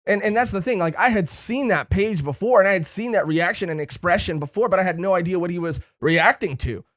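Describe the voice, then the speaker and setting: A man co-hosting a podcast in casual chat, excitable and fond of saying "dude". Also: high voice, a little fast. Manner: excitable, says "dude" a lot; muffled by a cosplay helmet and beard. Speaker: podcast co-host.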